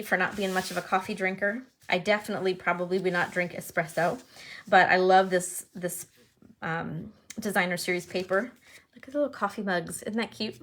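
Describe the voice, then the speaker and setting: A woman talks through her handmade cards in a relaxed show-and-tell. She is chatty and enthusiastic and thinks aloud as she goes. Her voice sits at an ordinary middle pitch. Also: a little hiss or hum. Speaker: card-making demonstrator. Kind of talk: casual show-and-tell crafting video.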